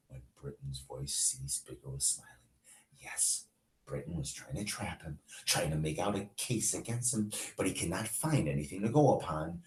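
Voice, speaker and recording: A man's voice: low voice, moderate pace, a little mellow. A male teacher reading a novel aloud to his class, with short asides to the students. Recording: echoey room.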